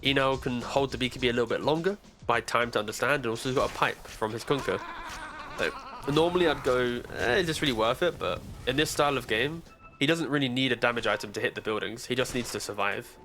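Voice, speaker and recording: A man breaks down a live esports match in a bright, forceful voice. He talks in a loose, chatty way, full of casual asides. Faint music plays under his headset mic. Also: mid-range voice, fast. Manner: casual, chatty analysis with many "like" fillers. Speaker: esports commentator.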